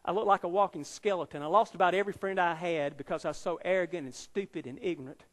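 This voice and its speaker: A high-pitched male evangelist in his fifties preaches his testimony in a dramatic, emphatic storytelling way. His voice rings through a large auditorium with a long, trailing reverb. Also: quick pace, a bit bright. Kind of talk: testimony sermon.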